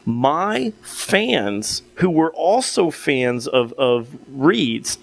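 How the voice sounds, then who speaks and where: A man's voice: mid-range voice, sing-song, extremely slow, vocal fry. A young man co-hosting a podcast, telling a long story in casual chat with many restarts and fillers. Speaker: podcast co-host.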